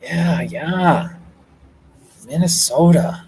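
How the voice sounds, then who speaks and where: A man in the middle of his own pitch range chats with viewers on a live stream from a hotel room. He talks slowly and easily, laughs often and thanks people by name as their comments come in. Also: lively intonation, slight background noise, rough recording. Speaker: livestream host reading viewer comments. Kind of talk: casual live chat.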